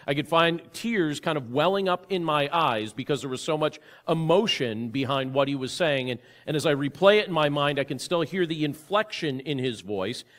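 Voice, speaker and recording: A man's voice: fairly high pitch, lively intonation, normal speed, hardly any pauses, fairly bright tone. Earnest man preaching a sermon. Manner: earnest, conversational preaching with rhetorical questions. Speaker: pastor. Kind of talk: sermon with opening prayer.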